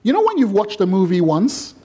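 A man preaching a sermon in a lively, conversational and playful way. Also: sits high, fairly quick, husky. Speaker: pastor.

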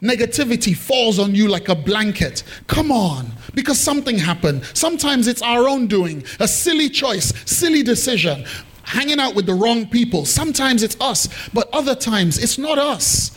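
A man's voice: extremely high pitch, big pitch swings, normal speed, fairly bright tone. A man preaching a sermon to his congregation, playful and teasing, with lots of questions to the room. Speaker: pastor. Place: church hall with congregation.

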